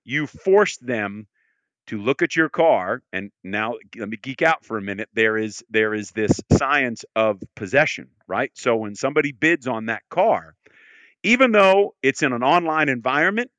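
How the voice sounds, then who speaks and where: Enthusiastic man with a bright, dry voice. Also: mid-range voice, expressive, moderate pace, dry recording. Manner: enthusiastic, repeats words when starting sentences. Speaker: car auction specialist, podcast guest. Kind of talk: casual podcast conversation.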